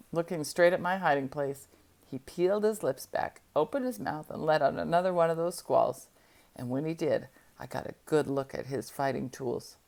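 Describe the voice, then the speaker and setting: Low-voiced woman reading a story aloud. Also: normal speed, gravelly. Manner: steady first-person storytelling. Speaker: audiobook reader.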